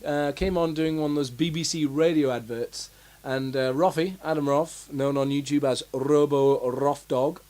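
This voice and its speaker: A young man with a slightly higher voice chatting casually about films. He rambles, restarts sentences often and fills the gaps with ums and uhs. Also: steady tone, moderate pace, few pauses, a little mellow. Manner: rambling, many fillers and restarts. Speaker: podcast co-host. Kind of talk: casual chat.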